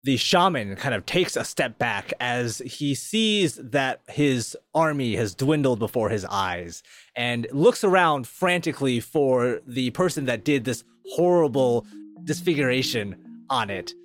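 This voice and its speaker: A man running a tabletop fantasy game as game master, narrating in a playful, animated way. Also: mid-range voice, unhurried, dry recording, studio quality.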